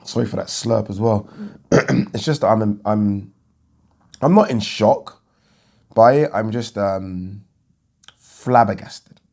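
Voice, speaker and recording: A man's voice: on the low side, slow pace, gravelly, dark tone. A young man giving a rambling, casual reaction to a boxing fight as a vlogger, thinking aloud and restarting his sentences.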